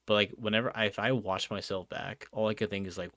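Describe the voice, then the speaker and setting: A man's voice: lowish voice, fairly even intonation, fast, hardly any pauses, a bit bright, no room sound. A young man from New Jersey chatting casually on a livestream, rambling with lots of fillers and calling everyone bro and dude. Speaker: streamer. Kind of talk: casual livestream chat reading out chat.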